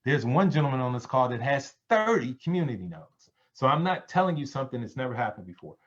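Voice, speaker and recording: A man giving a sales pitch on a conference call, preachy, calling his listeners family. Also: big pitch swings, quick pace, fairly bright tone. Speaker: presenter on a business call. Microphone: conference call line. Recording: dull lo-fi call audio.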